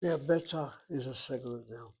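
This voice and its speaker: A man's voice: medium pitch, normal speed, dark tone, slightly rough. Methodical man teaching Hebrew grammar. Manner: methodical, repeats key terms, explains step by step. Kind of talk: grammar lesson.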